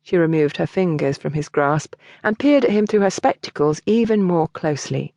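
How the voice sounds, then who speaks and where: A woman narrating a historical romance audiobook in an expressive, scripted reading. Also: deep voice, normal speed, no room sound.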